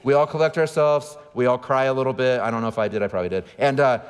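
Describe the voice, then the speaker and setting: A man's voice: mid-range voice, fairly even intonation, fast talker, clear, resonant tone. A pastor in his forties giving a sermon, telling candid, self-deprecating stories with asides to the congregation. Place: large church auditorium. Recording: long hall reverb.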